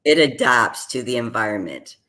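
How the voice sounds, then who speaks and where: Calm probing male therapist. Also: medium pitch, moderate pace. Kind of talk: counseling conversation.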